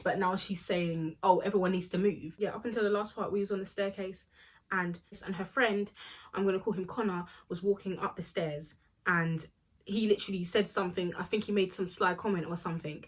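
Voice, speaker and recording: Husky young woman telling a story. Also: medium pitch, a little fast. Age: young adult. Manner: animated, acts out quoted people. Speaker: storytime vlogger. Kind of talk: casual storytime.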